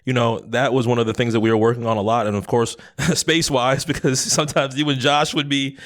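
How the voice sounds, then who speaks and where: A man's voice: medium pitch, steady tone, a little fast, fairly bright tone. A man co-hosting a casual podcast from a studio, chiming in often and restating points. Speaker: podcast co-host. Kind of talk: casual chat.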